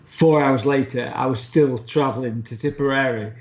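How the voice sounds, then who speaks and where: Gravelly-voiced man telling a story. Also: mid-range voice, normal speed. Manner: laughing, swearing storyteller. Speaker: podcast co-host. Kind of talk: casual anecdote telling. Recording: roomy, dull-sounding recording.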